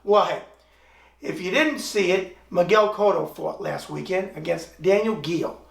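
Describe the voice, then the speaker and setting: A high-pitched, gravelly man from the US East Coast opens his own web talk show with a brash, wisecracking monologue full of strong opinions. The sound is roomy and echoey, picked up by a camera mic set some distance away. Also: measured pace. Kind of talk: improvised monologue opening. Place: room in Tulsa, Oklahoma.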